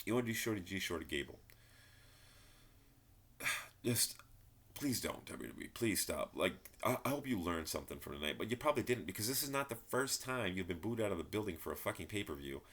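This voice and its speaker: A man's voice: deep voice, a bit bright. A man giving a frustrated, rambling wrestling review, swearing and repeating himself. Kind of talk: ranting solo commentary.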